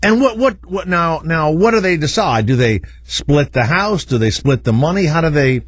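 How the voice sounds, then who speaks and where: A man's voice: fairly high pitch, expressive, moderate pace, no room sound. A middle-aged man hosting a radio show, blunt and crude, laughing at his own stories in casual banter.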